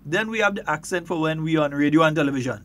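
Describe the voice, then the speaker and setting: High-voiced Grenadian radio host. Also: male voice, quick pace. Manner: lively, laughs often, stretches words for emphasis. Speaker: radio talk show host. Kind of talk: casual radio chat.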